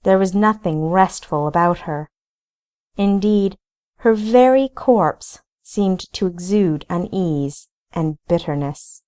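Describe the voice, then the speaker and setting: A woman, the author, reading her own novel aloud in deliberate audiobook narration. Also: lowish voice, lively intonation, darkish tone.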